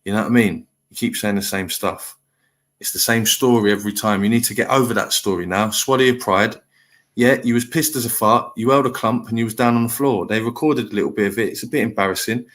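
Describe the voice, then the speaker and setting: A man's voice: lowish voice, fast talker, a bit bright. A middle-aged man hosting a live stream panel, talking bluntly and lecturing in a heated chat.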